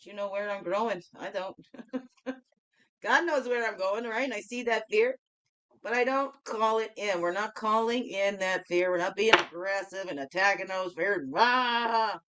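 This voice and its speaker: A woman's voice: mid-range voice, normal speed. Chatty woman reading daily spiritual cards. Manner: chatty, keeps checking in with "okay?"; laughs often, swings between loud and soft. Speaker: host of a daily reflection show. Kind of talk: casual spiritual card reading.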